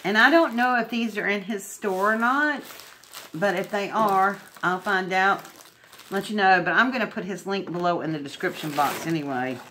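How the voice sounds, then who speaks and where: A woman's voice: mid-range voice, normal speed, bright, forceful tone, a little hiss or hum. A woman unboxing craft mail at home, gushing and emotional. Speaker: crafting vlogger. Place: home indoors.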